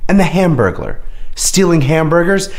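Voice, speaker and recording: A man's voice: fairly high pitch, very animated, moderate pace. A man in a sketch comedy scene, exasperated and sarcastic as he shoots down another man's story. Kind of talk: comedic sketch, ranting critic.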